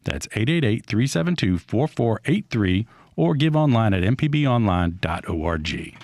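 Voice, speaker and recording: A man reading a steady, earnest fundraising appeal for a radio station. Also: lowish voice, a little fast, dry recording. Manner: steady, earnest, scripted delivery.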